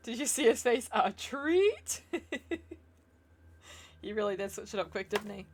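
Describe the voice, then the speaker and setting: A woman's voice: medium pitch, animated, unhurried, slightly rough. A chatty, giggly woman, musing aloud as she streams herself playing a game. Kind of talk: casual live-stream chat while gaming.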